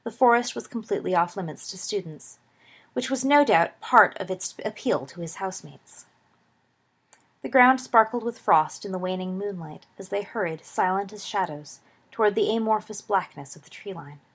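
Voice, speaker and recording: Calm female storyteller, slightly husky, reading a story aloud. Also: medium pitch, normal speed. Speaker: narrator. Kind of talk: audiobook reading of fan fiction.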